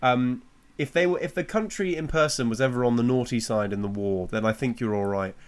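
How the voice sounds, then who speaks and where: English comedian in a podcast chat, mid-pitched, frank and opinionated, working ideas out aloud. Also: male voice, brisk. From England. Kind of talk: casual chat.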